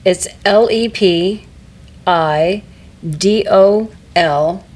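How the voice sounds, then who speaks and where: A woman co-hosting a podcast in a casual chat, speaking in a measured, agreeable way with frequent short affirmations. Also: mid-range voice, a little mellow. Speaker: podcast co-host.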